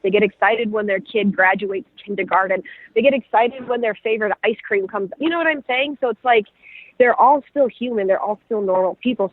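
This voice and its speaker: A woman's voice: mid-range voice, dry recording. A woman reporting on rally racing, chatting upbeat and casual as a guest calling in. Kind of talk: casual chat. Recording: tinny phone line.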